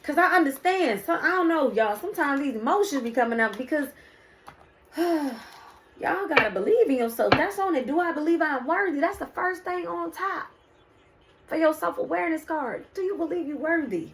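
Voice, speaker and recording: A woman's voice: high-pitched, animated, moderate pace, a little hiss or hum. A woman doing a casual spiritual card reading, preaching to her viewers and calling them "y'all" and "baby". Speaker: spiritual reader.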